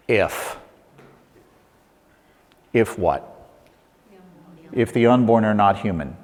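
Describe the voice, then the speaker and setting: A middle-aged man giving a lively talk to an audience, asking rhetorical questions with playful asides, on a mic in a lecture hall. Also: fairly low pitch, extremely slow, pauses often. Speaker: speaker. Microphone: handheld or lapel mic. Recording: long hall reverb.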